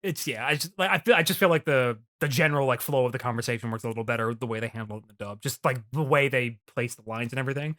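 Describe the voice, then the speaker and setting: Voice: mid-range voice, rapid-fire, few pauses, a bit bright. Young adult podcast co-host rambling through episode notes, lots of um and like, laughs a lot. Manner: rambling, laughing, many fillers and restarts. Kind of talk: casual chat about an anime episode.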